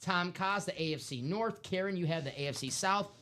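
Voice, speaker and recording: A man's voice: sits high, a little fast. Chatty male card-break host. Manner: chatty, excitable, rambling with fillers. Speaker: host of a live sports card break stream. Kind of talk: casual live-stream patter.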